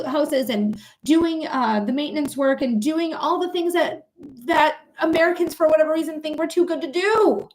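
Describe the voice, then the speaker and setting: Brief: woman livestream host, slightly high voice, casual, swears freely, talks straight to her viewers. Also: moderate pace, a little mellow, a little hiss or hum. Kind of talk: casual livestream chat and ranting.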